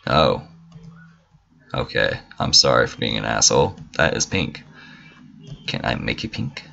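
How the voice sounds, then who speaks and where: A man's voice: very deep voice, big pitch swings, measured pace, gravelly, pushed and bright, muffled recording. A man casually commentating a gameplay video, swearing freely and making mock-indignant asides. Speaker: gamer. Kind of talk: casual let's-play commentary.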